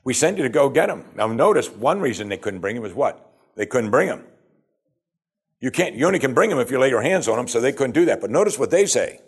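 Husky-voiced preacher with a lively delivery. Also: male voice, medium pitch, brisk. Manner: conversational, acts out quoted speakers. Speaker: preacher teaching from scripture. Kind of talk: sermon.

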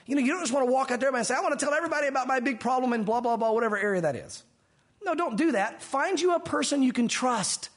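A man delivering an animated sermon, switching into little voices to act out scenes. His voice sits high and has a husky edge. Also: fast talker. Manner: animated, acts out dialogue in different voices. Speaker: pastor.

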